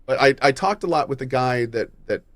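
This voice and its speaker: A man hosting a gaming news chat, rambling through his thoughts with frequent restarts and a bit of swearing. His mid-pitched voice is recorded dry and close to the mic. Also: expressive, brisk, no echo. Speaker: podcast host. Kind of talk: casual gaming news discussion.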